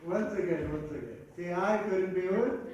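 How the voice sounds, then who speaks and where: A hoarse young man chairing an assembly's voice votes, hesitant, with joking asides. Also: sits high, a little fast, lo-fi sound. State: hoarse throat. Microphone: far from the mic. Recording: echoey hall, voice far off, faint noise.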